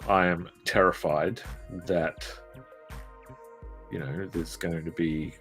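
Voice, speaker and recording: A man streaming live while he draws, telling a rambling, self-deprecating story full of fillers. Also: low-pitched. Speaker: streamer and artist.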